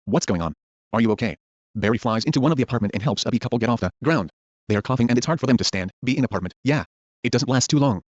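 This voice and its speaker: A man reading a film script aloud, speaking the character names and stage directions in one even voice. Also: mid-range voice, no room sound. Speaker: script reader. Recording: dull lo-fi dry recording.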